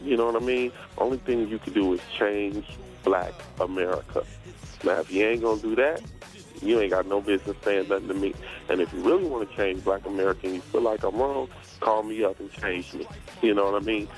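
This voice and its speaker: Rapper guy on radio, blunt and defiant, low voice, soft music behind. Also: a little fast, poor audio. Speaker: rapper guest. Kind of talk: radio interview.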